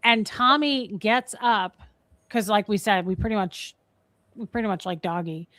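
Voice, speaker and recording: A woman co-hosting a casual live stream, telling a story with animated energy and thanking viewers by name. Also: mid-range voice, a little slow, no echo.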